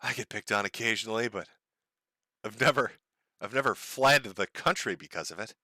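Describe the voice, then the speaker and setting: A man's voice: fairly low pitch, moderate pace, sharp tone, no echo. A man from the United States hosting a casual livestream, talking in a profane, sardonic way and chuckling often. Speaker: livestream host.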